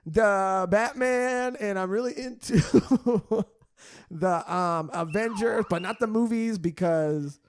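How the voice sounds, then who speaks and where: A man playing an awkward young male comic book store clerk in an improvised sketch, hesitant and halting. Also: high-pitched, clean tone. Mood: earnest. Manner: hesitant, halting, fussy about the source material.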